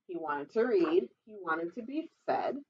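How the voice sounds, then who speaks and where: A woman's voice: on the low side, big pitch swings, unhurried, distant mic, a little hiss or hum. A children's librarian, a woman, reading a picture book aloud at storytime and chatting playfully with the kids. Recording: dull lo-fi recording.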